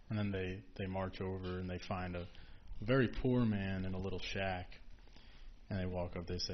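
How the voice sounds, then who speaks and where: A man's voice: deep voice, fairly even intonation, normal speed. A man casually telling a story in a group discussion, chatty and full of "like" and "you know". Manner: chatty, filler-heavy with frequent "like". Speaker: forum participant. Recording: dull lo-fi with faint hiss.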